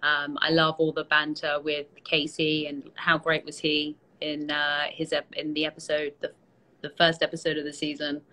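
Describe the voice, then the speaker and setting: Low-voiced, tired British woman chatting. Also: normal speed, poor audio. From Britain. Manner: relaxed, chatty, self-deprecating, many fillers. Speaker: actress hosting a fan Q&A. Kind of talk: casual live-stream chat.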